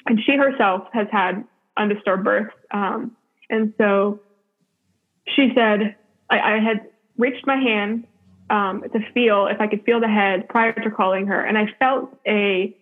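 A woman's voice: medium pitch, fairly even intonation, a little slow. A woman telling a personal story in casual chat, full of "like" fillers and frequent laughs. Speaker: podcast guest. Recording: tinny phone-like line.

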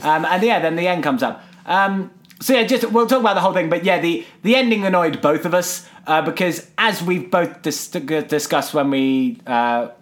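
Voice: medium pitch, moderate pace. A podcast co-host, casually recapping a musical, swearing and laughing as they retell scenes. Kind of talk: casual chat reviewing a musical.

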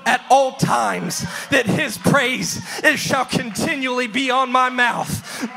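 High-pitched shouting male preacher. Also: slow, creaky, noisy background. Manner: shouting, half-singing cadence. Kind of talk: pentecostal-style sermon.

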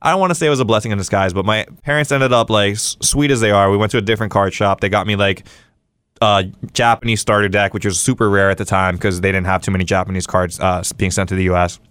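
A young man from Hawaii telling a story casually as a podcast guest, animated and full of fillers and quoted dialogue. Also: on the low side, clear, resonant tone, no echo. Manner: fast, animated, lots of fillers and acted-out quotes. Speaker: guest streamer.

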